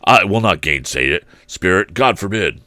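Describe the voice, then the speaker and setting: A gruff, uneasy old miser from a storybook, with short, clipped replies. A man reads him in a low voice with a dry, close sound. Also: expressive, normal speed, pushed and bright, dry recording. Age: older. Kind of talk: storybook reading.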